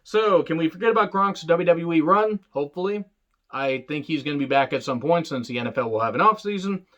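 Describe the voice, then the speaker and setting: A man's voice: a little high, expressive, a little fast, a bit bright, lo-fi sound. A man who reviews wrestling shows in a casual, sarcastic way, with a lot of swearing and jokes. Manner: sarcastic, joking, rambling. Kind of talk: casual profane commentary.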